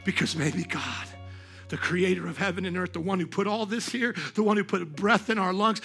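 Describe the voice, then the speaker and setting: A high-pitched man delivers a church sermon, bright and sharp in tone. He swings from hushed, confiding lines to impassioned shouts and questions his congregation directly. Soft music plays underneath. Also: normal speed, vocal fry. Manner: passionate preaching that swings from quiet to shouting. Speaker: pastor. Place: church service.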